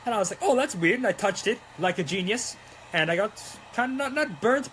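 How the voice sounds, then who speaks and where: Young adult man, high and animated, chatty prop-making streamer, playful. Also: brisk, a little hiss or hum. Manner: playful, chatty, slips into mock-Italian exclamations. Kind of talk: casual chat while crafting.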